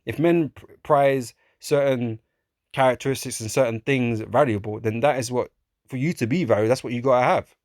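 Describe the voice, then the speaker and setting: Man, casual profane preacher, scripture readings, middle pitch, dry sound. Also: darkish tone, no room sound. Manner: casual and profane, laughs often, addresses listeners as man and bro; reads scripture slowly in old-fashioned wording. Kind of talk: street-style sermon, reading scripture.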